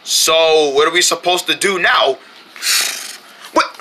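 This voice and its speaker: A woman's voice: low voice, slow, long pauses, background noise. A woman performing playful skits and mock ads, switching between silly character voices.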